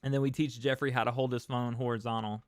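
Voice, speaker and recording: A man's voice: medium pitch, flat delivery, fast, smooth, no echo, clean studio sound. Laid-back young man hosting a livestream. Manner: laid-back, reads viewer comments aloud, laughs easily. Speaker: fishing channel host. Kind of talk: casual livestream chat.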